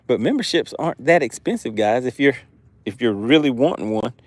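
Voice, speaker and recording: A man's voice: medium pitch, expressive, fairly quick, no echo. A man hosting a fishing livestream, reading viewer comments aloud and laughing often in casual chat.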